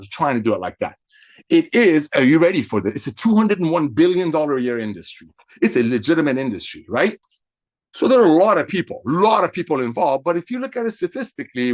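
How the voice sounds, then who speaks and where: Guy doing network marketing coaching, bouncy animated delivery, repeats stuff for emphasis. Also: medium pitch. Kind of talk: coaching talk with role-played phone calls.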